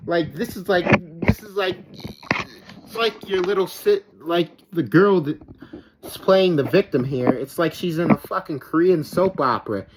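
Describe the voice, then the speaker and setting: A man's voice: fairly high pitch, unhurried. A man hosting a reaction video who rants in a rambling, profane, exasperated way, full of "like". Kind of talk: ranting reaction commentary. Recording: steady background noise.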